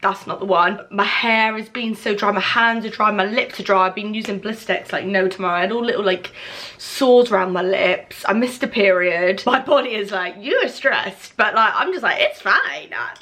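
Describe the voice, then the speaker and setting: Bright-voiced young woman vlogging. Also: medium pitch, moderate pace. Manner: chatty and rambling, emotional, close to tears. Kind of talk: casual talking-to-camera vlog. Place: at home, in her room.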